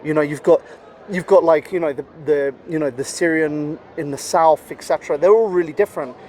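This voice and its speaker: A man's voice: on the high side, brisk, darkish tone, a little hiss or hum. A man talking as a podcast guest in casual conversation, rambling with many fillers and swearing bluntly. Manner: rambling, heavy with "you know" and "like" fillers.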